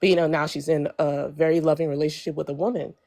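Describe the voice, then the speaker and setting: A woman's voice: deep voice, fast talker, creaky. A young woman telling a personal story on a live stream in a casual, chatty way, full of fillers and quoted dialogue. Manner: chatty, lots of fillers, animated when quoting others.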